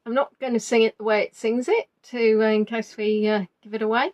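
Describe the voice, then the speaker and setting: A woman's voice: a little high, fairly even intonation, fairly quick, a little mellow. A woman hosting a quiz, chatty and teasing, reading out answers as they come in. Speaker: quiz host. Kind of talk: live online quiz chat.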